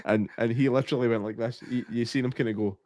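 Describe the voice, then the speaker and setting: A man's voice: mid-range voice, fairly even intonation, quick pace, dark tone, no room sound. A man hosting a podcast, chatting in a jokey way and laughing often. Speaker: podcast host. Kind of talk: casual podcast chat.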